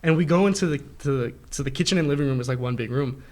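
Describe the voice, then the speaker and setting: A young man telling a long dream story in casual chat with friends, animated and laughing often, acting out the voices of the people in it. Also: mid-range voice, fast talker. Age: young adult. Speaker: host.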